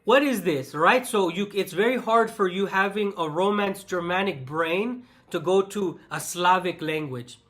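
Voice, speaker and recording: Bright-voiced Mexican man, animated. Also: high-pitched, unhurried, few pauses. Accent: Mexican Spanish. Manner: animated and emphatic, mock-exasperated. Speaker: vlogger. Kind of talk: casual chat.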